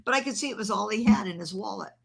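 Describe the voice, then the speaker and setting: A woman's voice: mid-range voice, rapid-fire, creaky, a bit bright, slightly rough. An older woman minister telling a personal testimony in an earnest, conversational way. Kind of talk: testimony storytelling.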